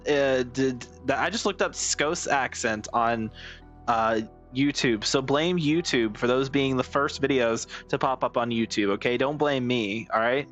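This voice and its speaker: A man streaming a game live, chatting casually and excitably with his viewers and swearing freely. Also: mid-range voice, a little slow, soft background music. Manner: profane, excitable, talks to chat.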